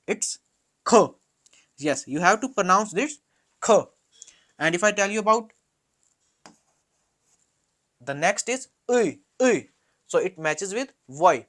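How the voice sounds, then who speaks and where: A language teacher slowly explaining letters, with frequent fillers and hesitations, a Hindi native speaker. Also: medium pitch, a bit bright. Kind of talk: alphabet lesson.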